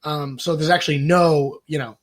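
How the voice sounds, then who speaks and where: A man's voice: a little high, steady tone, normal speed. Sarcastic man riffing on a podcast. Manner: sarcastic, acts out mock dialogues in exaggerated voices. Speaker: podcast co-host. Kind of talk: casual political comedy chat.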